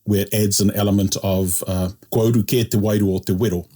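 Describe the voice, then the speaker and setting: A man's voice: lowish voice, fairly even intonation, fast, warm tone, slightly rough. A man tutoring a language lesson, explaining patiently step by step and checking in often.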